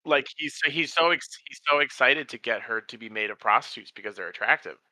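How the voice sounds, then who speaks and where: A man co-hosting a movie podcast, chatting casually and animatedly, jumping up in pitch when he acts out scenes. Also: fairly quick, no echo. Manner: animated, acts out characters with big pitch jumps. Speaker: podcast co-host. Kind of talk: casual movie review chat.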